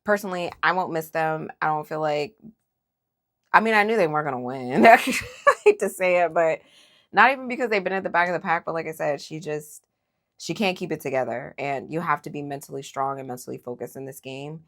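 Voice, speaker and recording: Low-pitched woman host, talky and opinionated, casual reality-TV recap. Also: brisk. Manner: opinionated, animated, lots of fillers.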